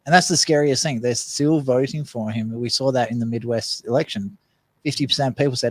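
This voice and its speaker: A man's voice: mid-range voice, brisk. A man co-hosting a casual radio chat, earnest and emphatic. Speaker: radio co-host.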